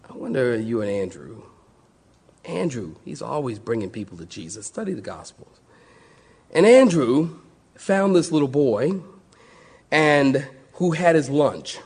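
A man preaching a sermon, dropping low then exclaiming, acting out quotes. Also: measured pace, pauses often, husky. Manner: animated, swings from low murmurs to high exclaims, acts out quotes. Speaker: pastor.

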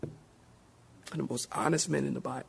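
A pastor preaching a sermon in a folksy, animated way, calling on the congregation to answer back. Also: male voice, mid-range voice, quick pace, vocal fry, husky.

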